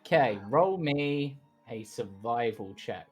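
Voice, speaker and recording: A man's voice: mid-range voice, lively intonation, slow pace, over music. A man, the game master, running an online tabletop game in a casual, laughing way.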